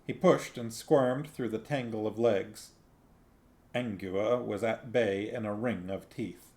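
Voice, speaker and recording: A man reading a novel aloud on a stream, narrating slowly. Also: on the low side, a little mellow. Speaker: reader on a stream.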